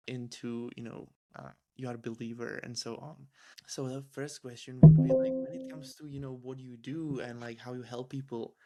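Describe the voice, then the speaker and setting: A podcast host who keeps affirming the guest and asks a halting question full of fillers. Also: mid-range voice. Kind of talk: interview with backchannel responses.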